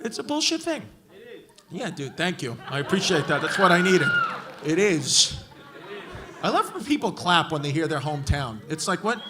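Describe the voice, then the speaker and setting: A man with a New York accent doing brash, profane stand-up crowd work, roasting hecklers and often shouting. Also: high-pitched, very animated, normal speed, background noise. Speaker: stand-up comedian. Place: comedy club stage with a laughing crowd. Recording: live club audio with crowd laughter.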